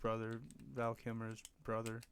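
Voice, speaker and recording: A man's voice: lowish voice, monotone, moderate pace, smooth. A young man co-hosting a podcast in casual chat, blunt and dismissive, swearing freely. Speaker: podcast co-host.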